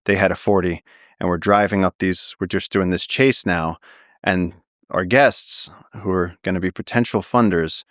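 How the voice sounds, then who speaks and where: A man's voice: sits low, steady tone, moderate pace, fairly bright tone, dry recording, studio quality. A man, a naturalist guest on a podcast, vividly telling a story and acting out the quotes. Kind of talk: storytelling in a long-form interview.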